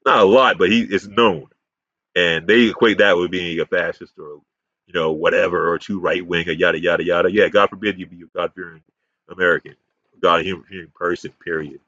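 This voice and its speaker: Profane, combative man with a low voice. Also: steady tone, fairly quick, sharp tone, dry recording. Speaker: YouTube commentator. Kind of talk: ranting commentary to camera. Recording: dull, muffled sound.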